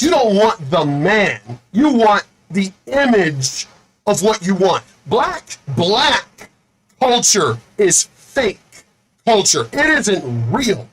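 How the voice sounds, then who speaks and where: A man hosting his own video rants angrily and profanely, repeating himself a lot and saying he is angry and fed up. His voice sits high and sounds a bit bright on a rough recording.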